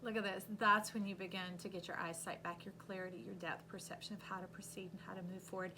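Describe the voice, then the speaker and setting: A woman reading tarot cards aloud in an animated, coaching way, with sudden loud bursts. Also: lowish voice, fast talker, slight background noise. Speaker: intuitive tarot reader.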